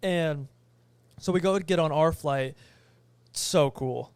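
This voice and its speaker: A young man on a podcast, casually telling a travel story and acting out the quoted voices with animated energy. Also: fairly high pitch, takes it slowly, smooth, no room sound. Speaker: podcast co-host.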